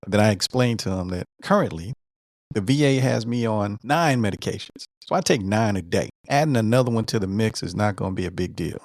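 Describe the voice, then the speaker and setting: A man in his fifties, a veteran, casually retelling a doctor's visit in an animated way, repeating words and quoting what was said. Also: fairly low pitch, brisk, no room sound, studio quality. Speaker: veteran sharing his cancer treatment story. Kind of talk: casual storytelling.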